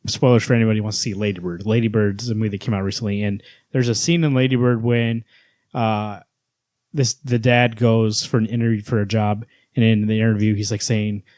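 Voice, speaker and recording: A man with a fairly low voice in a casual podcast chat, recorded dry and close. He talks with enthusiasm and acts out quoted lines as he retells scenes. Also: fairly even intonation, brisk, a little mellow, no echo. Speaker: podcast co-host. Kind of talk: casual comic book chat.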